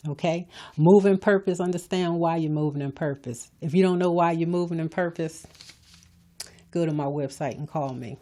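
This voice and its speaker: An older woman hosts her own podcast with a low, mellow voice. She gives a folksy motivational talk and speaks straight to her listeners, the way a preacher would. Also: normal speed. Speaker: podcast host.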